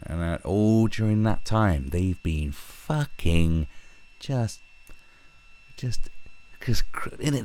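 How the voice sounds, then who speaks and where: A British man hosting a livestream, reading news aloud and ranting about it in a sweary, exasperated way. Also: on the low side. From Britain. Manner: sweary, exasperated, reads articles aloud and riffs on them. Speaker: livestream host. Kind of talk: casual ranting commentary. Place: home, fiddling with a screwdriver.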